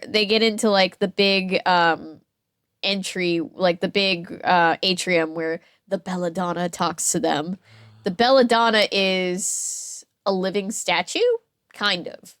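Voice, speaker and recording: A woman co-hosting a chatty podcast, talking in a casual, amused way and often restarting her sentences. Her voice sits at an ordinary middle pitch. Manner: chatty, full of fillers and restarts, lively and amused. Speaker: podcast co-host. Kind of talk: casual chat.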